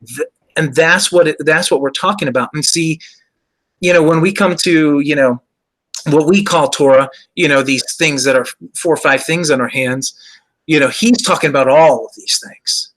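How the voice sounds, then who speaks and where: Man, show host, earnest faith discussion, slightly high voice, "you know" fillers. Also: moderate pace, a bit bright, low-quality recording.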